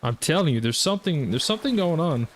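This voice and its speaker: Rambling Southern US gaming streamer. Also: male voice, fairly high pitch, big pitch swings, fast talker, a little hiss or hum. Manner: rambling, chatty, talks straight to viewers. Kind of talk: casual livestream commentary.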